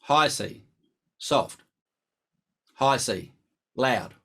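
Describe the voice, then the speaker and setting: A man's voice: medium pitch, lively intonation, drawn-out words, fairly bright tone. A man teaching brass in a live online lesson, chatty and instructive, thinking aloud as he explains.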